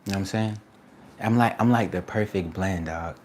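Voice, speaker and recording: A man streaming live as an artist, giving excited shout-outs to viewers in casual slang, then turning soft and reflective. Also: low voice, normal speed, a little hiss or hum. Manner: drops to a soft, quiet reflective tone. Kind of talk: casual livestream chat.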